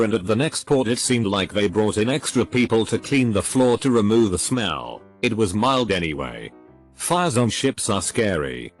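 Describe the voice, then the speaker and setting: This is a man with a fairly low voice that still moves up and down a lot as he reads forum stories aloud. His delivery is steady and even, like a narrator working through a list of posts. A soft music bed plays quietly behind him.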